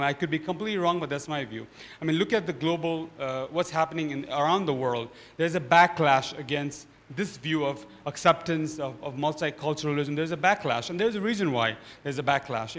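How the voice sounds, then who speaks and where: A man speaking on a discussion panel, an animated storyteller who often tags his points with "right?". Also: fairly high pitch, long reverb tail. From Nepal.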